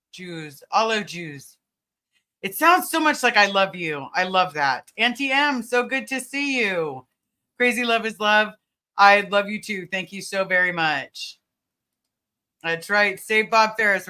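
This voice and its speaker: A woman's voice: mid-range voice, sharp tone. A woman hosting a casual livestream, greeting viewers by name and talking with many fillers. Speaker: livestream host.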